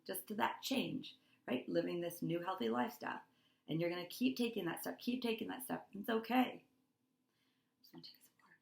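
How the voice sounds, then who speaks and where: A woman's voice: fairly low pitch, creaky, reverberant. A middle-aged woman talking as a wellness coach to her course members, earnest and heartfelt, repeating words for emphasis. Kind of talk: motivational talk to course members.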